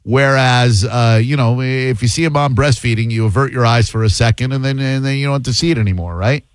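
A man's voice: mid-range voice, fairly quick, smooth, no echo. Joking male talk radio host. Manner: joking, sarcastic asides. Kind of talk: casual talk radio banter.

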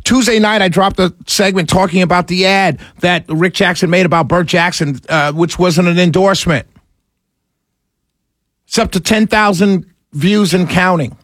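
A high-pitched man hosting live talk radio, excitable and frustrated, swinging between heated rants and calming himself down. His voice sits close and dry on the mic, with no room sound around it. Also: moderate pace, dry recording. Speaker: radio talk show host.

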